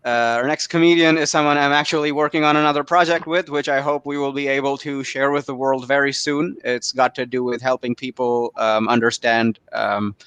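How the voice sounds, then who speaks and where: A man's voice: mid-range voice, level tone, fairly quick, hardly any pauses, a bit bright, clean tone, dry recording. A young man from Canada hosting a stand-up comedy show over a video call, rambling and self-deprecating, often laughing at his own jokes.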